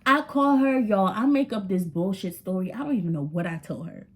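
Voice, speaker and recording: A young woman telling an animated storytime vlog, slangy and talking straight to her viewers. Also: medium pitch, a little fast, slightly rough. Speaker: vlogger. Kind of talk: storytime vlog, casual chat.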